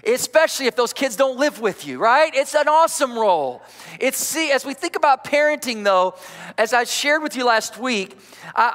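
A man's voice: very high voice, a bit bright. A man preaching as a pastor, emphatic and coaxing the congregation with call-outs in a large church. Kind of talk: energetic sermon. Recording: long church-hall reverb.

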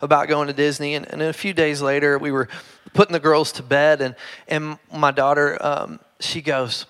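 A middle-aged man with a Kentucky accent preaching a conversational sermon to a congregation, chatty and self-deprecating, with frequent restarts and a hushed tone when he prays. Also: on the high side, little pitch movement, normal speed, clean tone. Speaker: pastor. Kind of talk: conversational sermon with humorous stories. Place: church service before a live congregation.

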